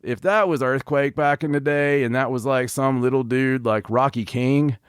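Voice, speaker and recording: A man hosting a podcast, reviewing wrestling in casual chat with an animated, joking, ranting manner. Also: medium pitch, moderate pace, slight background noise. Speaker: podcast host.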